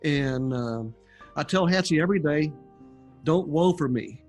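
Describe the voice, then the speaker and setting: An older man recounts his experiences in an easygoing, folksy way, chuckling now and then. His voice sits a little high for a man. Soft music plays faintly underneath. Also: animated, unhurried. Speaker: guest sharing near-death testimony. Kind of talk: casual storytelling interview.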